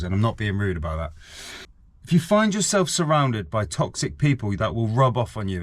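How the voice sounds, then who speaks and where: A man's voice: medium pitch, dry recording. A man talking casually and earnestly to camera as a vlogger, often repeating himself for emphasis. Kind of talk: casual vlog chat.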